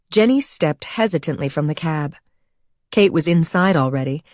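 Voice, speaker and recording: A woman reading a thriller audiobook as narrator, in an even, measured storytelling manner. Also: deep voice, dry recording, studio quality. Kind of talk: scripted narration.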